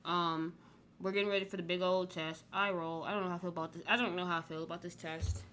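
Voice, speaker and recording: A woman's voice: on the low side, fairly even intonation, fast talker, a bit bright, a little hiss or hum. A woman casually recapping a reality TV show, rambling and blunt, with lots of "like" in her speech. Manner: candid, blunt.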